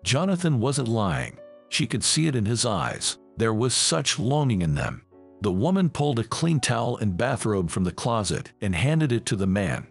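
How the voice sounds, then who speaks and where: A man narrates a scripted story with a gravelly, husky voice and a lively, animated pitch. Faint music runs beneath the narration. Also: normal speed.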